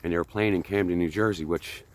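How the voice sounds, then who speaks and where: A man's voice: low-pitched, steady tone, fast talker. A man in his fifties from the United States, chatting casually while walking outdoors on a hike. He rambles and pokes fun at himself, a little out of breath. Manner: rambling, chatty, self-deprecating. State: slightly out of breath. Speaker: vlogger.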